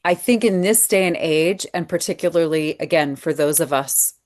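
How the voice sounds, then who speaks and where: A woman in a podcast conversation, explaining her ideas in a thoughtful, measured way. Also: low-pitched, darkish tone.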